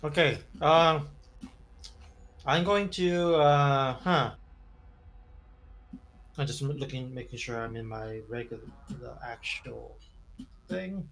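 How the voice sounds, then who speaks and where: A man's voice: mid-range voice, takes it slowly, creaky, long pauses, fairly bright tone, a little hiss or hum, low-quality recording. A man playing a tabletop game, thinking his moves through aloud. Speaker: player.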